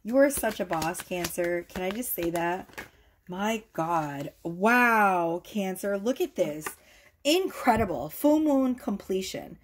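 A woman giving a casual tarot reading to camera, gushing and excitable, swearing freely as she talks. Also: mid-range voice. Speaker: tarot reader.

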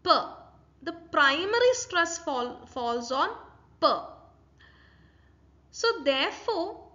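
A woman's voice: very high-pitched, very animated, slow, bright, forceful tone. A woman with an Indian English accent giving a university lecture, explaining step by step and asking rhetorical questions. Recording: dull lo-fi recording.

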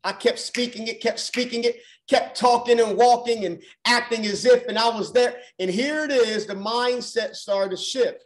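A man's voice: very high voice, normal speed, few pauses. Emphatic motivational coach, man. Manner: emphatic, repeats phrases for effect. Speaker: business mindset coach. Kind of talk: motivational call talk.

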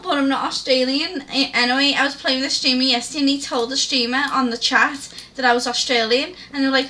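A woman's voice: sits high, fairly even intonation, fairly quick, few pauses, bright, forceful tone. A woman, a streamer telling stories in casual chat over a game and laughing often. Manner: chatty storytelling, laughs often.

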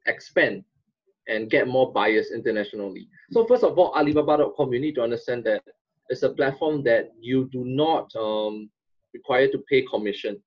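Man, e-commerce consultant, husky voice, direct explaining, muffled lo-fi webinar audio. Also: mid-range voice. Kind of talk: webinar presentation.

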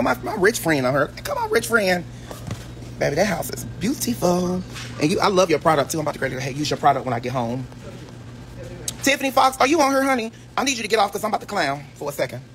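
A man ranting on a casual phone livestream, flamboyant and sassy, with sudden shrieks and high exclamations. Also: creaky, fairly bright tone, a little hiss or hum. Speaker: social media personality on a livestream.

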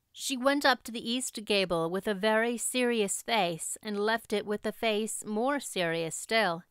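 Woman audiobook narrator, measured and even, smooth clear tone, dry close sound. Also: mid-range voice, no room sound.

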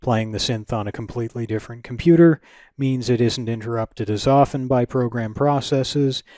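A man's voice: mid-range voice, moderate pace, dark tone, no echo. A man hosting a retro computing channel, narrating a scripted review in a dry, wry, analytical way.

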